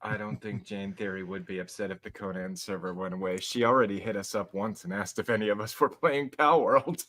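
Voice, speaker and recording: A man co-hosting a casual podcast, loud and joking, speaking right up on the microphone. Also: lowish voice, fairly even intonation, fairly quick, hardly any pauses. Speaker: podcast co-host. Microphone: right up on a close mic.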